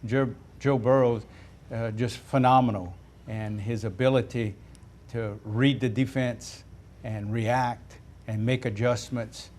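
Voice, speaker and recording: A man talking as a studio guest, with a mid-pitched voice. He speaks in a measured, reflective way and recalls details with care. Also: steady tone, darkish tone. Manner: measured, thoughtful, recalls carefully. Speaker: studio guest, former player. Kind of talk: reflective sports talk.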